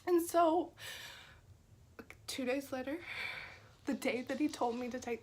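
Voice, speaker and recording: A woman with a fairly high, husky voice recounts a personal faith experience. She talks earnestly and conversationally, often sinking into a gentle whisper when things turn tender. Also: slow pace, long pauses. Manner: earnest, drops to a soft whisper at tender moments. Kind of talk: personal testimony.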